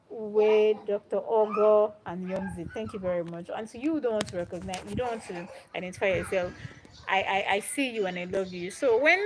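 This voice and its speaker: A young woman hosting a live stream, telling a Bible story in a casual, animated and dramatic way. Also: mid-range voice, background noise. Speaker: livestream host.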